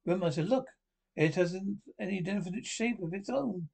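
A commanding mad scientist. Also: male voice, high-pitched, moderate pace, gravelly, slightly rough, full character voice. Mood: intent. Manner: commanding, excitable. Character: obsessive domineering male scientist, middle-aged. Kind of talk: 1930s radio acting.

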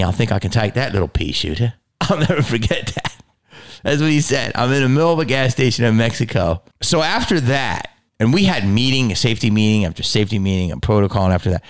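A middle-aged man hosting a podcast, telling stories in a loose, profane, animated way and acting out what others said in voices. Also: on the low side. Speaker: podcast host. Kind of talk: casual storytelling monologue.

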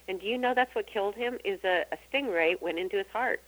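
A woman's voice: mid-range voice, brisk, poor audio. A woman guest on a radio interview, talking earnestly about beliefs and acting out what people say. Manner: earnest, acts out quoted voices. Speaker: guest psychic and author.

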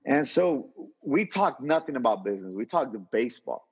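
Husky-voiced man telling a rambling story. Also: medium pitch, normal speed, in a large hall. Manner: animated, rambling, lots of restarts and slang. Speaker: interview guest, entrepreneur. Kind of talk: casual storytelling. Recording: dull lo-fi audio.

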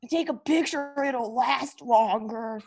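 A woman's voice: fairly high pitch, slow. A woman playing a brash, slangy teenage boy who breakdances and pranks, in an improv comedy interview. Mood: boastful. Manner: slangy, boastful, calls people bro.

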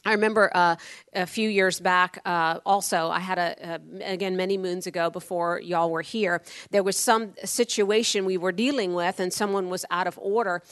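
A woman's voice: fairly low pitch, steady tone, normal speed, a bit bright, no room sound. Woman pastor from tampa, dry humor, rambly sermon stories, dead dry sound. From Tampa, Florida, USA. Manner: firm and blunt. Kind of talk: sermon with personal anecdotes.

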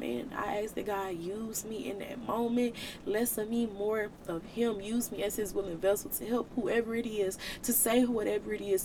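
A woman's voice: fairly high pitch, warm tone, a little hiss or hum. A woman hosting a faith podcast, speaking in an earnest, emotional, preaching way, with casual slang. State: tearful at times. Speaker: podcast host.

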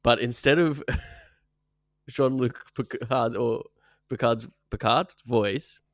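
A man's voice: mid-range voice, takes it slowly, no room sound, studio quality. A man co-hosting a casual podcast, asking questions, hesitant and often laughing. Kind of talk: casual chat.

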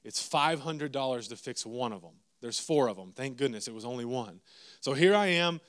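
A man, preaching a sermon as a lively, self-mocking story with asides to the congregation. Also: medium pitch, moderate pace, clear, resonant tone.

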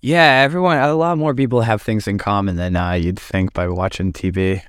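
A man's voice: lowish voice, moderate pace, clear, resonant tone, no echo, studio quality. A man from Massachusetts, a podcast host, chatting casually, swearing and laughing a lot. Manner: swearing, laughing often, animated.

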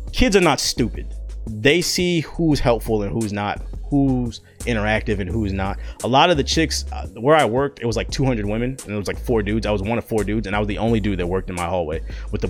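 A young man and content creator telling a personal story in a casual, profane, slangy way. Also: mid-range voice.

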